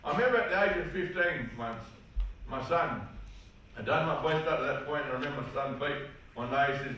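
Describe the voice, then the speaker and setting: An Australian man gives a seminar talk in a large hall, recorded from a distance so his voice carries a heavy echo. His tone is bright and forceful, and he tells personal stories in an earnest, plain-spoken way. A faint hum of room noise sits behind him. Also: medium pitch, brisk, lo-fi sound. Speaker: seminar speaker. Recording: echoey hall, mic far off.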